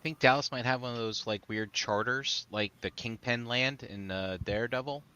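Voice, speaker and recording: A man with a bright, forceful voice in a relaxed group chat. He throws in irreverent jokes and easy asides. His pitch sits in the middle range. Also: moderate pace. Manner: joking, irreverent. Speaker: co-host.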